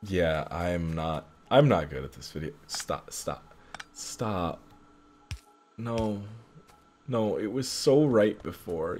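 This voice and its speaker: A man's voice: deep voice, lively intonation, slow, pauses often, darkish tone, faint music behind. A young man casually commentating his own gameplay, frustrated and muttering at himself about his mistakes. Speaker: gaming channel host. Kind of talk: casual let's play commentary.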